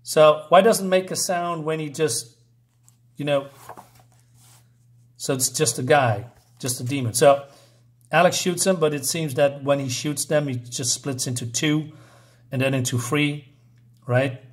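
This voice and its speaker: A man's voice: on the high side, unhurried, long pauses. Rambling man reacting to a comic. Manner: hesitant, filler-heavy, incredulous. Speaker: channel host. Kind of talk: casual reading and reaction commentary.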